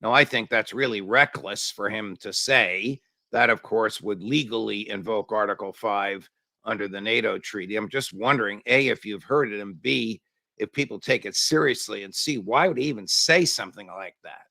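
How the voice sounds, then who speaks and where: A male interview host with a gravelly, bright edge to his voice. He probes his guest with searching questions, stopping often to restart his sentences. The sound is dry and close to the mic. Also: on the low side, no room sound. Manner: probing, pauses with fillers and restarts. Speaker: show host.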